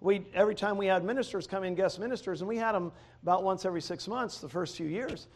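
A man preaching a sermon, a former pastor, who swings from loud to quiet and laughs between points. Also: sits high, fast, slight background noise.

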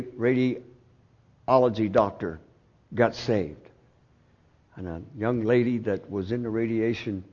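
A man preaching a sermon as pastor, swinging from loud outbursts to hushed, drawn-out phrases. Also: lowish voice, highs cut off.

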